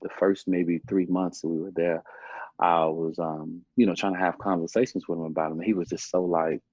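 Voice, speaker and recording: A man's voice: sits low, fairly even intonation, moderate pace, a little mellow, no echo. A young man from Chicago, a podcast guest, telling his life story in a rambling, casual way, repeating himself and often saying "man". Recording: muffled lo-fi podcast audio.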